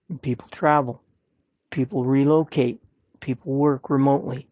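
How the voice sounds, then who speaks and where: A man's voice: medium pitch, darkish tone, no room sound, lo-fi sound. A man hosting a podcast, giving earnest, plain-spoken advice and repeating his points for emphasis. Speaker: podcast host. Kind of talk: personal advice talk.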